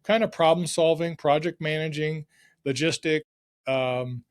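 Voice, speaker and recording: A middle-aged man, a podcast guest, telling stories from his working life in a casual, excited and energetic way. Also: a little high, unhurried, smooth. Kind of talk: casual storytelling.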